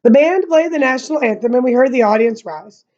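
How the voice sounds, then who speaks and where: Young woman reading a book out loud for class, kinda high voice, muffled lo-fi sound, chatty asides between passages. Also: a little fast. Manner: casual asides between reading, slightly monotone narration. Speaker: teacher reading a novel aloud. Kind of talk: read-aloud with commentary.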